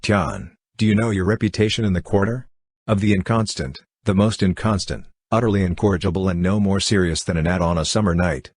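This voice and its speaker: A man reading a calm, gently sarcastic young woman in an audiobook, with little change from his own voice. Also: low voice, brisk, husky, dry recording, clean studio sound. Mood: chiding. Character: young woman, cool and teasing.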